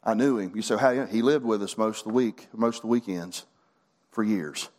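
A man's voice: on the low side, moderate pace, a little mellow. A middle-aged man preaching a sermon as pastor, folksy and fervent, building to emphatic bursts.

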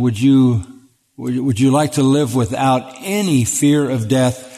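A man's voice: mid-range voice, warm tone. An older man, a pastor answering questions in a sermon-style talk, speaking earnestly and with emphasis, often repeating words as he starts a thought. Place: church auditorium. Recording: long reverb of a large hall.

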